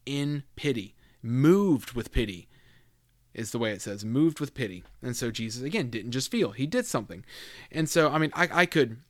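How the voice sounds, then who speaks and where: A man's voice: mid-range voice, animated, fairly quick, no echo, clean studio sound. A man hosting a casual Bible teaching podcast, talking loosely with fillers and restarts as he reads scripture aloud.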